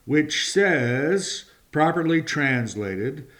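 Male preacher, sermon delivery, unhurried and deliberate, voice on the higher side. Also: a bit bright. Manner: slow, deliberate, stretching key words of scripture.

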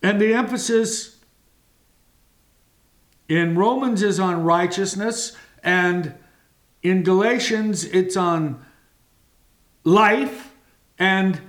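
Male preacher, sermon delivery, unhurried and deliberate, voice on the higher side. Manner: slow, deliberate, stretching key words of scripture.

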